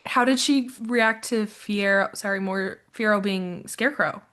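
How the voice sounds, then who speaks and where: A young woman chats with a co-host and tells a lively story, acting out her friend's lines in bursts. Her voice sits at an average pitch. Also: unhurried. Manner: animated storyteller, acts out quoted friends. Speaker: podcast co-host. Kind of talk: casual chat.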